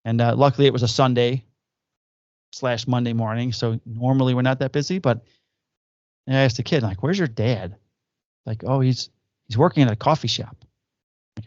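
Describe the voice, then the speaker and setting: A man's voice: mid-range voice, moderate pace, long pauses, no room sound, muffled recording. A man, a police officer co-hosting a podcast, telling profane stories in casual chat. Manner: profane, animated anecdote telling with acted quotes.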